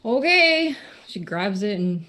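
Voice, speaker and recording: A woman playing a tabletop game, asking deliberate questions. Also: mid-range voice. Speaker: player.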